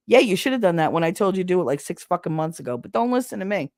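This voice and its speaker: A woman's voice: medium pitch, sing-song, rapid-fire, hardly any pauses, darkish tone, no echo. A woman hosting a casual podcast, telling stories bluntly with plenty of swearing and frequent laughter. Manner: blunt, profane, laughs and snorts often. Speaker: podcast host. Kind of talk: casual storytelling chat.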